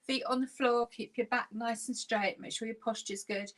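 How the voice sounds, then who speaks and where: A woman's voice: fairly high pitch, steady tone, normal speed, fairly bright tone. A woman leading a laughter yoga class, giving upbeat, encouraging instructions while she sits. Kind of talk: guided exercise class.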